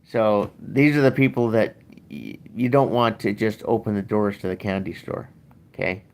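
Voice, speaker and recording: A man's voice: lowish voice, normal speed. An older man, hosting a show and ranting bluntly in casual, profane talk. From Canada. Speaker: podcast host.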